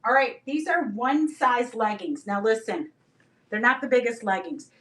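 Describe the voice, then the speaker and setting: A middle-aged woman with a high, bright-toned voice hosts a live selling stream. She rambles happily through stories and calls out to viewers by name as she shows each item. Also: a little slow. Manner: animated, rambling storyteller who talks to viewers by name. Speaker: live-stream reseller host.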